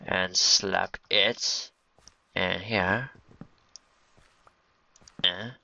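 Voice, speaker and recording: A man's voice: deep voice, vocal fry, pushed and bright, dry recording. A man giving casual, jokey gameplay commentary, rambling to himself as he builds. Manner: rambling, jokey, talks to himself and to game creatures. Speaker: gaming video host. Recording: dull lo-fi home recording.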